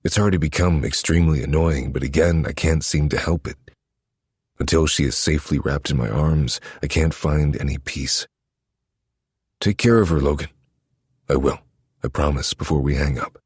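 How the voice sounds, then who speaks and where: A man narrating a first-person romance story in a low, intimate, steady manner. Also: breathy edge, no echo, studio quality. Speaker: audiobook narrator.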